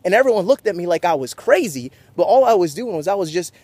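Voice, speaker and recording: A young man giving an energetic motivational talk to camera, just off a sports game. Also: high voice, quick pace, husky, dry recording. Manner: energetic, pumped up, preachy. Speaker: motivational vlogger.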